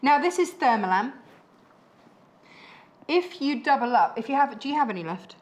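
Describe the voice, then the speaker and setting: Upbeat higher-voiced woman presenter. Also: lively intonation, low-quality recording. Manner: upbeat, quick affirmations. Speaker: shopping channel presenter. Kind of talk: TV shopping presenting.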